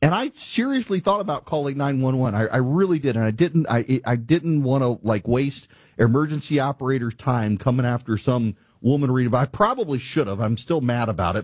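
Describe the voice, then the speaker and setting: A man hosting a talk show, telling a driving story in an exasperated, animated rant. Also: mid-range voice, a little fast, hardly any pauses, breathy edge, no room sound, studio quality. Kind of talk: ranting monologue.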